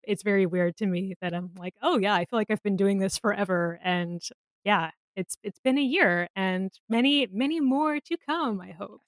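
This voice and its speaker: A woman co-host chatting casually on a podcast, playful and quick to laugh. Her voice is mid-pitched and recorded dry and close. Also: no room sound. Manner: giggly, warm-hearted, playful.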